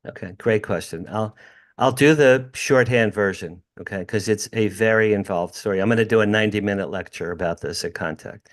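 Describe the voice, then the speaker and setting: Animated older man telling a story. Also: on the low side, fairly quick. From New Jersey, USA. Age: 60s. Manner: animated, emphatic storyteller who addresses the host by name. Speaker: podcast guest. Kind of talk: storytelling in an interview. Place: home room with drums.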